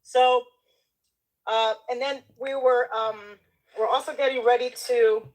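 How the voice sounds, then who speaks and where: A woman telling a personal story in casual conversation, animated, laughing often and acting out the voices of the people she quotes. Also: a little high, unhurried, rough recording. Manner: acts out the people she quotes, including herself.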